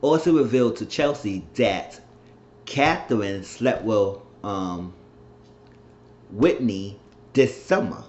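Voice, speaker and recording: Rambling low-voiced man recapping a show. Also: slow pace, pauses often. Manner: rambling, animated retelling with mimicked quotes. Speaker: reality show recap vlogger. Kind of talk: casual episode recap. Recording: roomy, dull lo-fi sound with faint noise.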